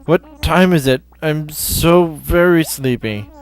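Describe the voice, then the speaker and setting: A man's voice: fairly high pitch, slow, clear, resonant tone, voice pushed up. A man voicing a pompous, sleepy male owl who runs a game's museum, with flowery, formal and apologetic phrasing. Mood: fussy.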